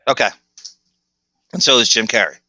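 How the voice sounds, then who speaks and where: A man's voice: medium pitch, moderate pace, bright, forceful tone, no echo, muffled recording. A man hosting a podcast, telling rambling stories in casual chat. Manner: rambling storytelling with restarts. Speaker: podcast host.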